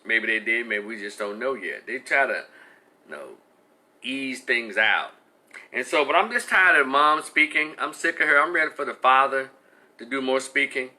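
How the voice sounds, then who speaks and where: Bright-voiced man ranting bluntly. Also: mid-range voice, animated, normal speed. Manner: blunt, profane, exasperated. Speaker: commentator. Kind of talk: heated opinion rant.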